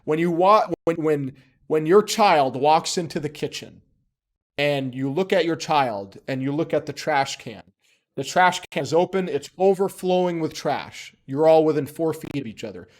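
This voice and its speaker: A man's voice: fairly high pitch, lively intonation, normal speed. A man giving a casual spoken lesson, emphatic and chatty, often checking in with "okay?" and dropping joking asides. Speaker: instructor.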